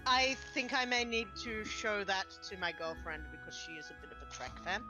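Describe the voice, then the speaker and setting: A woman's voice: mid-range voice, expressive, brisk, over music. A woman tabletop player chatting casually before a game, cheerful and enthusiastic. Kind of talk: casual stream chat. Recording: muffled lo-fi mic.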